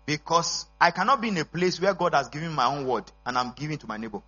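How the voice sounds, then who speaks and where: A male pastor preaches in a church service, pushing his points with call-and-response and sudden shouts. His voice is high, bright and husky, swinging widely in pitch. The recording is dull and lo-fi, with a steady mains hum underneath. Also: fast. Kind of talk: sermon.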